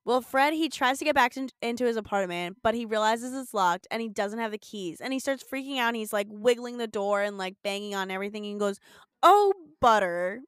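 A young woman co-hosting a podcast, recapping an episode in a casual, animated, profane way. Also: on the high side, fast, hardly any pauses, clean tone, no room sound, studio quality. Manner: swears, animated storytelling with acted quotes. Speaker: podcast co-host.

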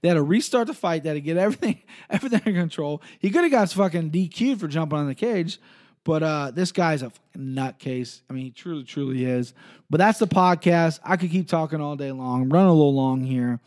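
A man's voice: a little high, animated, a little fast, a little mellow. A young man hosting a solo podcast, rambling and swearing casually, correcting himself as he goes. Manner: rambling, profane, self-correcting. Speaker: podcast host.

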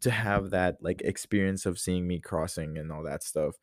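A man's voice: sits low, fairly even intonation, moderate pace, no room sound, studio quality. A young man hosting a solo podcast, chatting casually in a rambling, reflective way with lots of fillers. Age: young adult. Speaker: podcast host.

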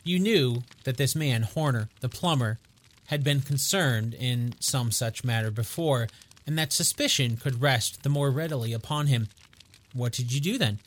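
A man voicing a calm, stern detective who speaks quietly and precisely. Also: mid-range voice, close to an everyday voice. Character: cool, commanding male detective.

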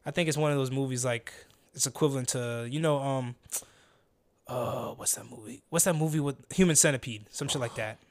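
A man's voice: medium pitch, fairly quick. A young man hosting a casual podcast chat, loose and slangy, often trailing off mid-thought. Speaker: podcast host.

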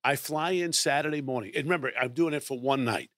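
A middle-aged man tells a story with lively energy. He acts out his own lines as he goes. His voice is mid-pitched and recorded close and dry. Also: fast, no room sound. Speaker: guest storyteller. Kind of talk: animated anecdote telling.

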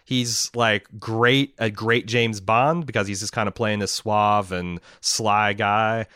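A man's voice: on the low side, fairly even intonation, slow pace, pushed and bright, smooth, dry recording, studio quality. A man co-hosting a casual film discussion, rambling and enthusiastic, with many restarts. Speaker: podcast co-host.

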